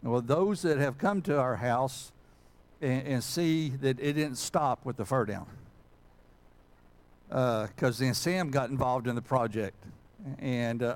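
A man preaching as pastor, talking in a folksy, self-deprecating way and filling pauses with "uh". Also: mid-range voice. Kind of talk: conversational sermon and prayer.

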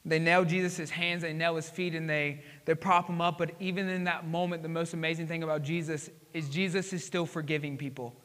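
High bright preacher in a big hall. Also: male voice, flat delivery, fairly quick, hardly any pauses. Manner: dramatic storytelling, swinging from hushed to emphatic. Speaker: pastor. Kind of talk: sermon. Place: church sanctuary.

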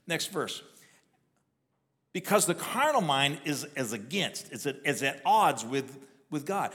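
A man's voice: medium pitch, animated, normal speed, fairly bright tone, in a large hall. A male pastor giving a sermon, talking in a conversational way with frequent restarts and repeated words. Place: church sanctuary.

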